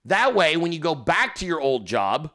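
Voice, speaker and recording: A man hosting a podcast in casual, profane, joking chat, quick to laugh. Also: fairly high pitch, big pitch swings, sharp tone. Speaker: podcast host.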